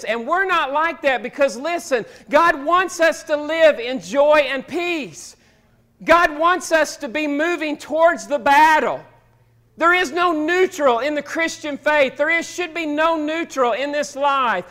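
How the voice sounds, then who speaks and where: High, bright-voiced folksy preacher. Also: male voice, measured pace. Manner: folksy storytelling preacher with homespun sayings. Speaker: pastor. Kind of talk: sermon.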